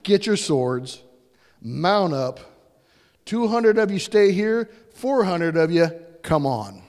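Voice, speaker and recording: A man voices a confident young warrior king who talks in a casual, slangy manner. The speech is unhurried, and the voice echoes through a large hall. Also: high voice, sing-song, darkish tone, pitched above the performer's own voice, full character voice. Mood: rallying.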